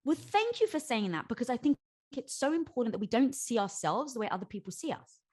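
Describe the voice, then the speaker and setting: A bubbly woman guest on a podcast, her high voice leaping across a wide range as she talks. She laughs easily and drops to a low, earnest tone when she explains. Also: quick pace. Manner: bubbly, laughs often, swings from excited squeals to low earnest tones. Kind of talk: animated interview conversation.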